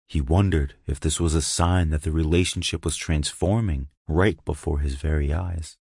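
A man narrating an erotic audio story with a slow, hushed, lingering delivery on a close mic. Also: extremely low pitch, steady tone, gravelly, husky, dry recording.

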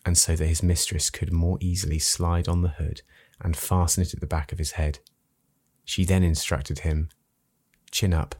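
Deep husky guy reading an erotic story, slow and hushed, very dry mic. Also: no echo. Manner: slow, measured, hushed delivery. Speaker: narrator.

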